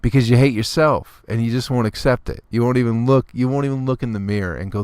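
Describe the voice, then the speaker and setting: A man's voice: mid-range voice, quick pace, few pauses, darkish tone, smooth, dry recording. A man hosting a solo comedy podcast, ranting with constant profanity and exasperation, now and then mimicking people in a snooty clipped voice. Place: on tour, recording alone.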